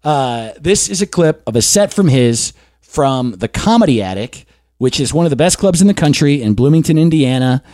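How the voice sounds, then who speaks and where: A man's voice: medium pitch, normal speed, no echo, studio quality. A young man hosting a comedy podcast, telling a story in a casual chat and acting out the voices in it. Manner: animated, acts out voices in his stories. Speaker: podcast host.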